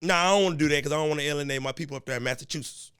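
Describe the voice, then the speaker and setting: A man's voice: on the high side, rapid-fire, a bit bright, clean tone, no echo. Young man, solo podcast host, casual and cussing, a bit stuffy from a cold, recorded close and dry. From American Midwest. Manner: loose, joking and profane, talks straight to listeners. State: has a slight cold.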